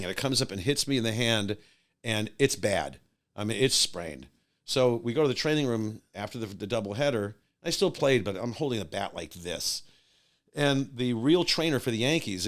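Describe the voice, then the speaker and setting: An older man spins a long anecdote in a relaxed conversation. His voice rises and falls widely as he slips into the voices of the people he quotes. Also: medium pitch, fairly quick. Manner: animated anecdote teller, acting out voices of others. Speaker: podcast guest, musician and radio host. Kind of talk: casual storytelling.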